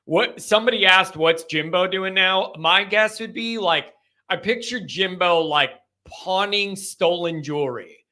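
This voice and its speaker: A man's voice: sits high, measured pace, sharp tone. A man hosting a live call-in sports talk show, talking bluntly and ranting heatedly. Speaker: show host.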